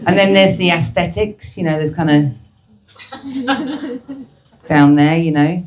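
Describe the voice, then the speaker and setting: A woman's voice: sits low, fairly even intonation, unhurried. A woman performing a brash, crude stand-up comedy set, teasing the crowd at a live show.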